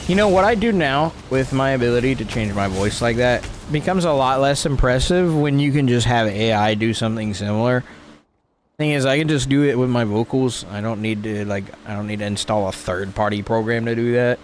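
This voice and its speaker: A man streaming a game live, trash-talking and reacting out loud in a goofy way. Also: mid-range voice, brisk, slight background noise. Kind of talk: live gameplay commentary.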